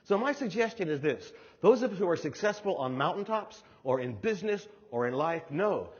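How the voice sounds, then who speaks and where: A man's voice: high-pitched, a little fast, slightly rough. An older man giving a motivational keynote speech, telling stories with emphatic repetition. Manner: animated storytelling, emphatic repetition. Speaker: keynote speaker. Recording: dull sound with long hall reverb.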